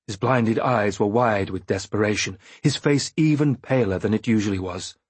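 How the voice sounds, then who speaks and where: Male narrator, husky, dry close read, steady and grave first-person fantasy audiobook. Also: lowish voice, moderate pace, dry recording.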